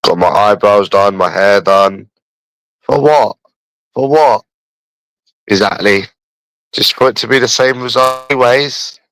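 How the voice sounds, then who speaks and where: A man's voice: lowish voice, fairly even intonation, moderate pace, sharp tone, rough recording. A young man with a London accent, chatting casually and bluntly to his livestream viewers, swearing often and calling them bro. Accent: London English. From England.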